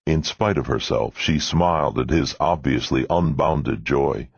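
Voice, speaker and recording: A man narrating an audiobook in a measured, expressive reading. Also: very deep voice, gravelly, husky, no room sound. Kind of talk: scripted narration. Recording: dull lo-fi dry recording.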